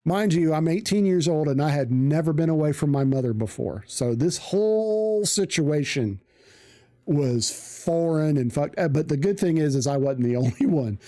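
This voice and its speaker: Mellow, profane storytelling man. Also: fairly high pitch, expressive, moderate pace. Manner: profane, rambling with restarts. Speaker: streamer. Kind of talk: casual storytelling.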